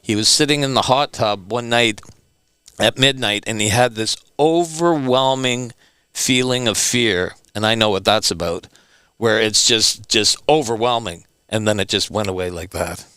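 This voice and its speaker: A man, a returning guest, telling stories in an animated, emphatic way and repeating words for stress. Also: on the low side, moderate pace, clean tone, dry recording. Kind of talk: animated storytelling.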